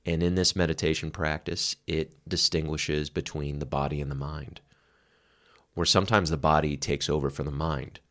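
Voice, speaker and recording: Deep-voiced man talking frankly. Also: fairly even intonation, moderate pace, fairly bright tone. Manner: frank and reflective, casual swearing. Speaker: podcast co-host. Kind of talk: candid conversational chat.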